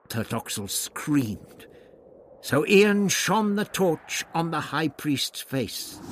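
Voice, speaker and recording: A man narrating an adventure story as an audiobook, reading in an expressive, dramatic way. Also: medium pitch, background noise.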